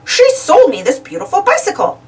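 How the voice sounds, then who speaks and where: A woman's voice: very high voice, wildly swooping pitch, fairly quick, distant mic, pitched above the performer's own voice, exaggerated voice. A woman voicing a friendly, chatty bicycle shopkeeper, a little away from the mic.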